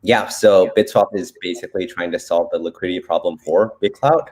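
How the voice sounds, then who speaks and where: A man's voice: low voice, darkish tone. A seventeen-year-old man from Canada, a startup founder explaining his project in a casual interview, eager and full of "like" and "um". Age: teens, seventeen. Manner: quick, eager, laughs easily, uses "like" and "um".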